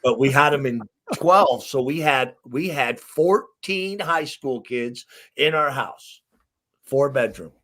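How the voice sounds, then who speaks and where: Middle-aged man from Arkansas, coach type, animated and emphatic storyteller, mid-range voice. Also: mid-range voice, slow. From Arkansas, USA. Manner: emphatic, animated storyteller who acts out quotes. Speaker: basketball coach, guest. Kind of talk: storytelling in an interview.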